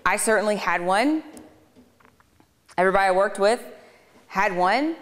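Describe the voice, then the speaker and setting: This public speaker, a woman in her thirties, tells her personal story conversationally to a live crowd, dropping in dry sarcasm. Her medium-pitched voice has lively intonation at a normal speed, and the lecture hall on her speaking tour gives the sound an echo.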